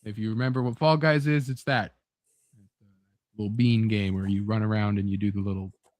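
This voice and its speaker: A man's voice: lowish voice, steady tone, brisk, a little mellow, no room sound. Rambling, profane podcast host man. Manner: rambling, profane, laughs often. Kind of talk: casual chat.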